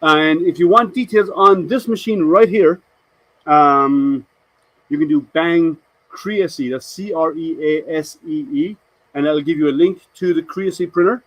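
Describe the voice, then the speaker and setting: A man's voice: on the high side, unhurried, dry recording, rough recording. A man hosting a casual live stream, chatting to viewers and answering their comments with rambling, hesitant talk.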